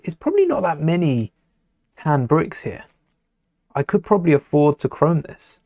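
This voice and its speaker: A man's voice: a little high, expressive, unhurried, darkish tone, no echo. A man talking casually to a live stream as he builds with LEGO, rambling, muttering to himself and greeting viewers in chat.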